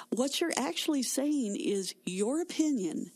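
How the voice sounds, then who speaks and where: Christian talk show cohost lady, kinda low voice, really emphatic, super dry mic. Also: measured pace, a little mellow, dry recording. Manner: emphatic, conviction-driven. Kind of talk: faith talk show conversation.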